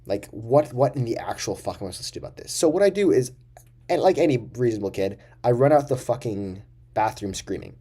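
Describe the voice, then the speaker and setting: A man's voice: mid-range voice, animated, fairly quick, mellow, slightly rough. A young man telling a rambling, profane story casually to camera as a vlogger.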